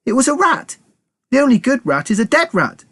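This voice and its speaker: A man doing a shrill, horrified young woman. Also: very animated, brisk, a bit bright, slightly rough, no echo, exaggerated voice. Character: shrill, indignant young woman who hates rats.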